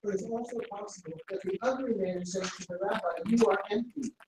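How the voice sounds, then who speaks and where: A man in a class audience offering a thoughtful, halting comment. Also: high voice. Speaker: class participant. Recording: echoey room, far from mic, noisy.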